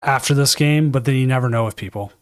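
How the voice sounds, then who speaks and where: Man, stream host, casual game commentary, rambling, mid-pitched, dry close sound. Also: fast, dry recording. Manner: chatty and rambling, self-correcting. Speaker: tournament caster and stream host. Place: home casting desk.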